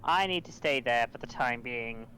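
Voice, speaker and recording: A man's voice: medium pitch, lively intonation, normal speed, pushed and bright, a little hiss or hum. A man playing a tabletop game who methodically works through rules and numbers aloud. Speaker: player.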